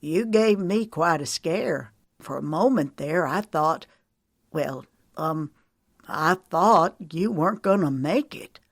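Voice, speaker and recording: Gentle earnest young farmer, read by a woman, slow delivery, dry close sound. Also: low voice, expressive, vocal fry, dry recording, exaggerated voice.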